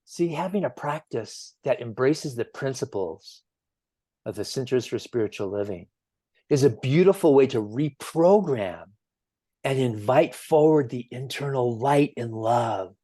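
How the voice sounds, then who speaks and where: A man giving a gentle, earnest sermon as a minister, telling stories at an easy pace with emphatic swells. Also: medium pitch, animated, a little slow, no echo, studio quality. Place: church sanctuary.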